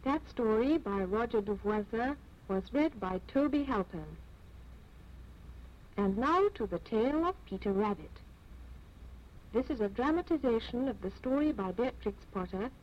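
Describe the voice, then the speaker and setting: A woman announcer introduces the next story on a children's program in a plain, measured way. Her voice is fairly high. The recording is dull and lo-fi, with a faint hiss. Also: animated.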